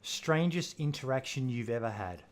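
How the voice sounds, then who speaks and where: A man's voice: medium pitch, animated, moderate pace. A man hosting a podcast interview, with short replies and viewer questions read out. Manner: brief, reads out viewer questions. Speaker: podcast host. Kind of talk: casual interview.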